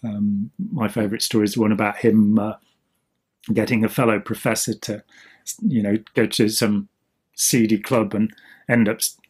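Male co-host, husky voice, loose rambling explainer, casual chat. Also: on the low side, little pitch movement, moderate pace, a little mellow. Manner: rambling, with many ums and restarts. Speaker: podcast co-host.

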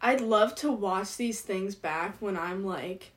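A young woman of eighteen chatting casually with a friend, slangy and quick to laugh, sometimes mumbling her words together. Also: medium pitch. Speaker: podcast co-host. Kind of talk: casual chat.

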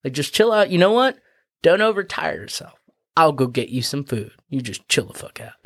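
A man's voice: on the high side, very animated, normal speed, a bit bright, exaggerated voice. A man voicing a scheming, laid-back male hare who coaxes in slangy dude talk.

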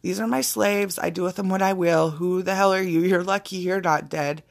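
Sneering ancient king, put on by a woman, lower gravelly voice, pure contempt. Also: fairly even intonation, moderate pace. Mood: scornful. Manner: mocking, dismissive. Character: scornful ancient male king, arrogant.

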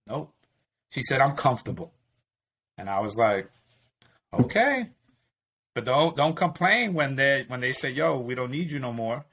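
Casual male talker, mid-pitched, emphatic storyteller who acts out quotes. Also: animated, moderate pace, fairly bright tone. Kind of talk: casual chat.

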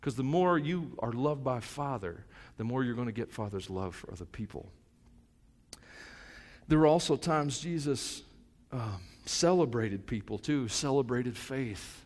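A middle-aged male pastor preaching a sermon, moving between soft, reflective asides and loud, fervent stretches. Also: medium pitch, animated, a little slow, big-room sound.

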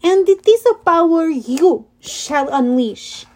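A woman voicing a gloating male manticore villain with a put-on French accent, sneering and slow. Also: high-pitched, expressive.

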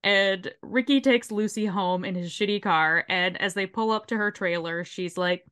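A woman's voice: mid-range voice, moderate pace, hardly any pauses, smooth. Casting note: young adult woman, podcast co-host, loose profane recap, laughs as she goes. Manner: swearing, laughing, animated retelling. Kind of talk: casual episode recap.

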